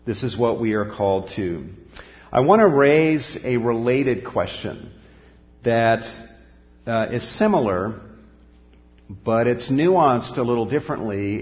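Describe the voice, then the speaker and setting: A man preaching a sermon, earnest and steady, often dropping his voice as he acts out the voices he quotes. His voice trails off in the long reverb of a hall. The sound is dull and muffled. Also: mid-range voice. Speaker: pastor.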